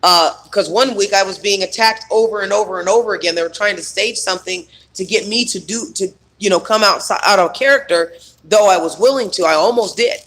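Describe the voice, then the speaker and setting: A man's voice: high voice, fairly quick, a bit bright. A man coaching on trauma healing in a rambling, emphatic spiritual self-help monologue full of fillers.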